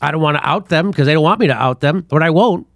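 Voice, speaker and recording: A man's voice: fairly high pitch, fast talker, vocal fry, no room sound, clean studio sound. Scornful middle-aged male commentary host. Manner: animated, scornful, laughs between points. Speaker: show host. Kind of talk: political commentary.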